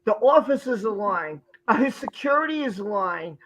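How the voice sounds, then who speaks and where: A man's voice: high-pitched, big pitch swings, normal speed, fairly bright tone, slight background noise, poor audio. A man hosting a livestream, ranting heatedly and swearing as he gives commentary. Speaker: show host.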